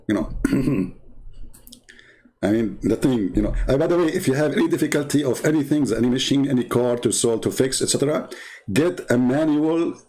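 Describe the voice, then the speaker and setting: A man's voice: medium pitch, darkish tone. A man with an Arabic accent, a native Arabic speaker, hosting and telling a mocking story in a rambling, sarcastic way, full of fillers. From Arab world. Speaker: host, Christian apologist.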